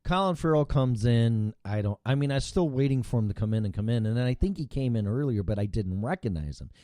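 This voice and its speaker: A man's voice: medium pitch, animated, quick pace, warm tone, dry recording, clean studio sound. A man hosting a casual chat show, rambling and swearing freely, with frequent restarts. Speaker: show host.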